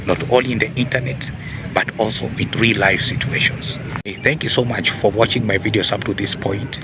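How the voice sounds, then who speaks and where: A man's voice: lowish voice, normal speed, background noise. A man hosting an opinion monologue, preachy, often asking the audience rhetorical questions. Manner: preachy, repeats "ladies and gentlemen" and rhetorical "huh?". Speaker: video host.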